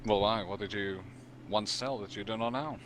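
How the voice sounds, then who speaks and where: A man's voice: lowish voice, normal speed, a little hiss or hum. A man playing an elf in a tabletop game, speaking in formal, courtly phrases. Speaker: player. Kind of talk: in-character tabletop role-play.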